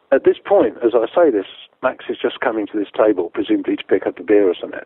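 A man's voice: lowish voice, big pitch swings, quick pace, hardly any pauses, breathy edge, no echo. Sweary man, tinny phone-like sound. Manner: profane, laughing, acts out others' lines. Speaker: musician telling a tour story. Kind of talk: casual anecdote, sweary storytelling.

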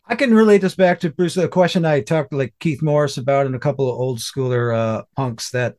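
A man's voice: mid-range voice, a little fast, darkish tone. A man interviewing a musician, asking long, searching questions full of restarts. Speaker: interviewer, podcast host. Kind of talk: casual interview conversation.

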